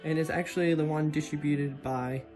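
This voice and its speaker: A woman's voice: low voice, normal speed, music in the background. A young woman with an Australian accent, chatting casually and jokingly as she shows off her plush collection in a vlog. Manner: chatty, animated, jokey and self-deprecating. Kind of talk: casual show-and-tell vlog.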